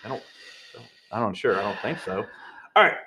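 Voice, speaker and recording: An American man co-hosting a casual chat podcast, tossing out quick jokes and wisecracks. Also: fairly low pitch, lively intonation, bright, forceful tone. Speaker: podcast co-host.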